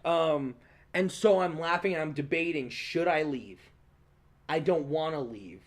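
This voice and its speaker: Young male podcast host, high voice, animated, cursing storyteller. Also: measured pace. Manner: animated, swears often, laughs while telling stories. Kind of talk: casual storytelling.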